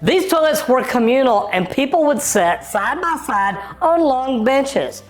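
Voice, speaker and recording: A woman narrates an educational history in a fairly high voice that is bouncy and animated. She slips easily into jokey, conversational asides. Faint music sits underneath. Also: measured pace. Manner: jokey and conversational, very lively intonation. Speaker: narrator of a plumbing education channel. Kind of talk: scripted narration with casual asides.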